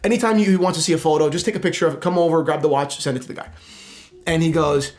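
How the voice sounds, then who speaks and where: A man's voice: fairly high pitch, racing. A young man, a podcast host, telling a story in casual chat and acting out the people in it with many restarts. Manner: animated storyteller acting out quoted characters, frequent restarts.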